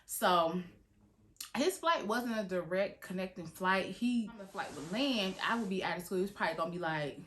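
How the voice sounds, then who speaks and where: A woman's voice: medium pitch, moderate pace. A woman telling a dramatic story from her own past in a casual storytime style, full of swearing and big reactions. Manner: animated, dramatic, heavy swearing. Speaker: storytime vlogger.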